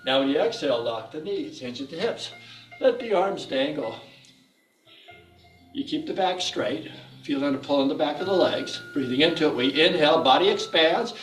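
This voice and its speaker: A man with a high, light voice leads an exercise class, calling out body cues in an upbeat, coaxing way and breaking into chanted laughs. He sounds a little away from the mic, in an echoey room, with faint music playing behind him. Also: animated, moderate pace, distant mic. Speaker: fitness instructor. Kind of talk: guided exercise class instruction.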